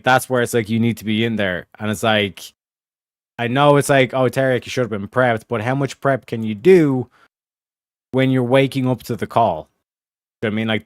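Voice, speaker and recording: A man's voice: medium pitch, no echo, clean studio sound. A man streaming casual reaction commentary, rambling and swearing, often asking "you know what I mean". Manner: profane, rambling, repeats "you know what I'm saying". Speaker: streamer reacting to a debate clip.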